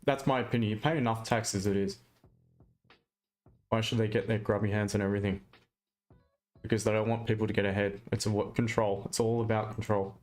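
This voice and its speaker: A man's voice: fairly low pitch, steady tone, fairly quick, long pauses, a little mellow, soft background music. A man with an Australian accent, chatting casually and bluntly on a live trading stream, ranting with mild swearing.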